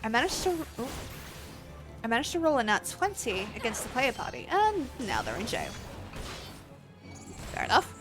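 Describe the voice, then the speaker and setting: A woman's voice: a little high, wildly swooping pitch, moderate pace, pauses often, over music. A young Australian woman chatting casually while livestreaming a game, rambling, laughing and swearing freely. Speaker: game streamer. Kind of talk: casual live-stream chat while gaming.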